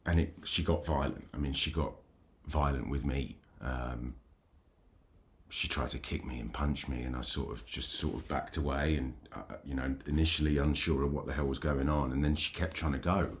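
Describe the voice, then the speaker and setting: A man hosting his own channel, telling a painful personal story in a halting, emotional way, full of restarts. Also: extremely low pitch, steady tone. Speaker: channel host.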